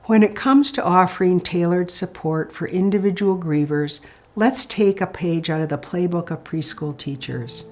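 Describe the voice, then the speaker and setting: A woman giving an instructional talk on supporting grieving people, speaking in a calm, gentle and measured way. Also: on the low side. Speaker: grief support educator.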